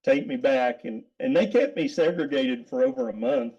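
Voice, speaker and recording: A man's voice: medium pitch, big pitch swings, moderate pace, creaky, darkish tone, dull audio. A middle-aged man, a guest, telling a story casually, rambling with repeated words and frequent laughs.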